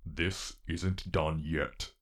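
A man's voice: very deep voice, fairly even intonation, voice pushed down, full character voice. A man growling as a menacing pony gang boss. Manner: slow, sneering and threatening. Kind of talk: audiobook character reading.

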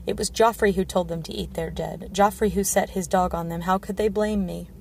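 A sour, sharp-tongued dwarf lord from a storybook, read aloud by a woman. He speaks in a sardonic, gravelly, level voice. A faint hiss sits under the recording. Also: medium pitch, fairly even intonation, fairly quick, natural voice. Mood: bitter.

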